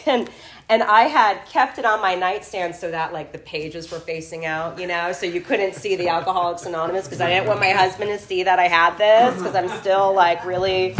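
A woman with a low voice shares her recovery story in an emotional, tearful way. She rambles along with plenty of fillers and restarts. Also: moderate pace. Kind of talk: personal testimony at a recovery meeting.

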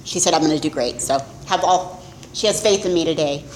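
A woman's voice: low-pitched, fairly quick, a little hiss or hum. A middle-aged woman giving a candid, self-mocking personal testimony as a speaker at a recovery meeting. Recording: echoey room with faint ambience.

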